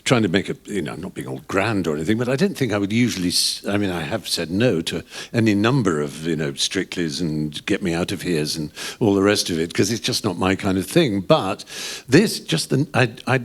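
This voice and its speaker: A man's voice: sits low, expressive, brisk. An older English man in his sixties, a guest on a live podcast in a pub, telling rambling anecdotes with restarts and chuckles. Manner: rambling anecdotal storytelling with frequent restarts and laughs. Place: pub venue before a live audience.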